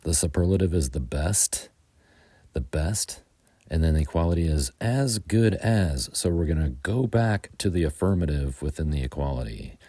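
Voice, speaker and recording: A man with an American accent teaching English grammar, explaining slowly and methodically with frequent ums. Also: very deep voice, expressive, warm tone, no echo.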